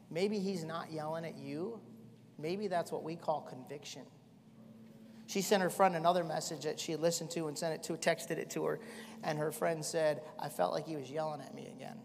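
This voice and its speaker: A middle-aged man preaching a sermon as pastor, swinging from shouting to quiet storytelling. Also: a little high, vocal fry, slight background noise. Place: church hall. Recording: echoey church hall.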